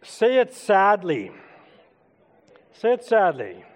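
A man's voice: high-pitched, wildly swooping pitch, takes it slowly. A middle-aged man preaching an interactive sermon, casually coaxing the congregation to join in. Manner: conversational, coaxing the congregation to take part. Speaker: pastor. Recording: long hall reverb.

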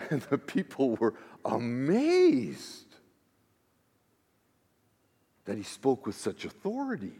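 Man, pastor, unhurried sermon, hushed asides and emphatic declarations, long hall reverb. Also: mid-range voice, wildly swooping pitch, breathy edge.

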